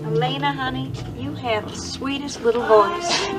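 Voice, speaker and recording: An actress playing a kindly, teasing coworker in a 1980s TV soap opera. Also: female voice, high-pitched, fairly even intonation, normal speed, loud music behind the voice, close to an everyday voice, poor audio. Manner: warm, teasing, encouraging. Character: kindly motherly coworker, Nita.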